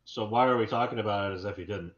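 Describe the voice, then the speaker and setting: A man's voice: on the low side, racing, reverberant, dull audio. A man co-hosting a podcast, cracking wry jokes in casual banter. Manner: wry, joking interjections. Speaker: podcast co-host.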